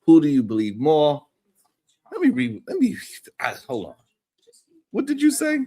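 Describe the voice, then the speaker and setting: A man hosting a live stream, giving animated, profane reaction commentary and laughing often. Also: on the high side, moderate pace, breathy edge.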